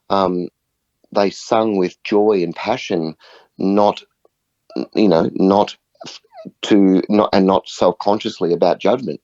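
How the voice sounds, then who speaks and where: A man's voice: low-pitched, steady tone, a little slow, long pauses, mellow, dry recording. An earnest man, talking as a guest on a podcast and telling stories, often checking in with "right?". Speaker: guest, music facilitator. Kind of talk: conversational podcast interview. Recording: muffled, dull audio.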